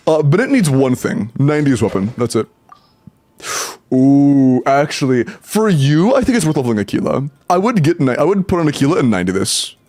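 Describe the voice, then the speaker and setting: A man's voice: medium pitch, darkish tone. A man streaming live, casually talking through game account advice and answering chat, loose and rambling with some swearing.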